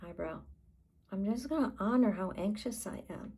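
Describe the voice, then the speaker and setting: A woman life coach guiding a tapping session, talking in a calm, unhurried way and pausing between phrases. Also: medium pitch, husky, rough recording.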